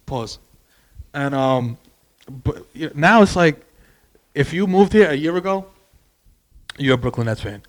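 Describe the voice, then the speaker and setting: Animated New man, slightly high voice. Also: unhurried, pauses often. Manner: animated, profane storytelling with frequent tangents. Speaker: podcast guest. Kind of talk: casual podcast chat.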